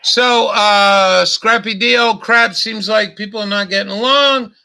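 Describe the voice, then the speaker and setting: Here a middle-aged livestream host talks in a high-pitched, creaky voice that stays steady, with a sharp, clean tone and a measured pace. The chat is casual, but his delivery is a blunt, profane, repetitive rant.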